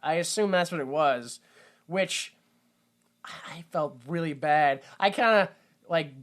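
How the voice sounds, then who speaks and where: Young male podcast co-host; animated, jokey movie recapper who swings into loud disbelief. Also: on the high side, a little slow. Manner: animated retelling with loud mock-confused outbursts. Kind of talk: casual movie-recap chat.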